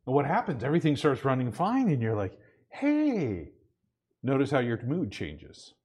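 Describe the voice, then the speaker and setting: A male pastor delivers his sermon in a loose, conversational manner. He keeps checking in with the congregation and slips into small acted-out scenes. His voice sits at an ordinary middle pitch. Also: sing-song, fairly quick, darkish tone, husky. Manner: conversational preaching with frequent "amen?" and acted asides.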